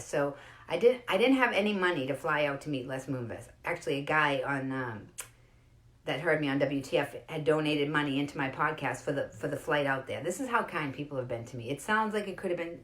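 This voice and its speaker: A woman hosting her own show, chatting casually and acting out the voices in her stories. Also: a bit bright. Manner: chatty storyteller, acts out quotes with pitch jumps. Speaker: host. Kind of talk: casual monologue.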